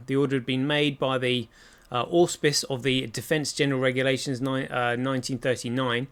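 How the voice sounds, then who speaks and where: A man hosting a casual chat, agreeable, reading a passage aloud haltingly with many fillers. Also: medium pitch, fairly bright tone, clean tone.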